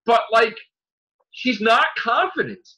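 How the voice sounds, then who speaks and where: A man's voice: very high voice, lively intonation, slow pace, bright, forceful tone. A man co-hosting a casual fan podcast, ranting with lots of fillers, restarts and swearing. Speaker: podcast co-host. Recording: dull lo-fi podcast audio.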